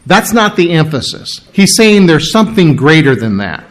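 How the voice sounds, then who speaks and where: A man preaching a sermon, with a halting delivery full of restarts and frequent throat clearing. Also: a little high, big pitch swings. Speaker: pastor.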